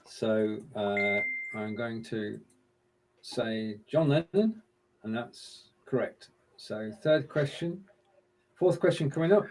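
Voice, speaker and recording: A man's voice: fairly low pitch, takes it slowly, darkish tone, a little hiss or hum, rough recording. A man co-hosting a casual live-stream show, chatting in a friendly, upbeat way as he runs a quiz and mutters to himself while working the screen share.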